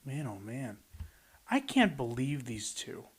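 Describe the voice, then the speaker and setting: Husky and mid-range, his voice swings widely in pitch as he slowly reads a rhyming picture book aloud. He fills the gaps between pages with playful remarks.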